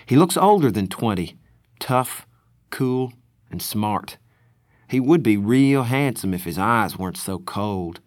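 Low-voiced man reading a novel. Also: lively intonation, slow, dry recording, clean studio sound. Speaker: audiobook narrator. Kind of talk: first-person novel narration.

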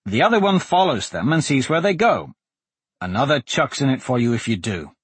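A man's voice: mid-range voice, very animated, moderate pace, slightly rough, no room sound, voice pushed up. Dante, a man doing a curt bookish young man. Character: serious bookish young man, terse and irritable.

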